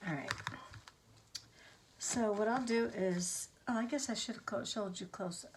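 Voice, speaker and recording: A woman hosting a casual craft tutorial, gushing over her finished pieces with soft exclamations. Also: mid-range voice, noisy background.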